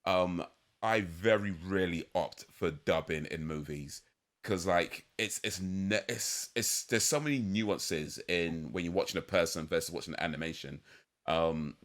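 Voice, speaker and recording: Deep-voiced hesitant man hosting a podcast. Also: a little slow, fairly bright tone. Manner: hesitant, many ums and restarts. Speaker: podcast host. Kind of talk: casual chat.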